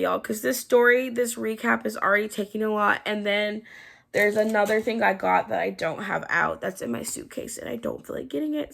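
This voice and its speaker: A woman's voice: mid-range voice, vocal fry, a bit bright. A woman in her twenties giving a casual, candid story-time recap as a vlogger, her throat sore and strained. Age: 20s. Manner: chatty and candid, trailing into tired asides.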